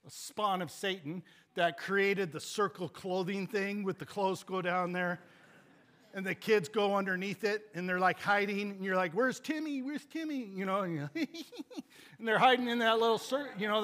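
A man preaching a sermon, telling a family story in an animated, joking, rambling way before turning to scripture. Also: sits high, moderate pace. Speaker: pastor.

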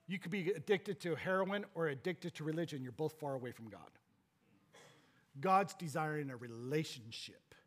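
A man preaching a sermon as pastor, swinging between emphatic exhortation and low, quiet points.

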